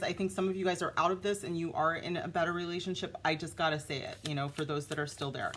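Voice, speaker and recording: A woman giving a casual, animated tarot reading, talking straight to her viewers. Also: deep voice, fast talker, hardly any pauses, slight background noise. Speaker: tarot reader.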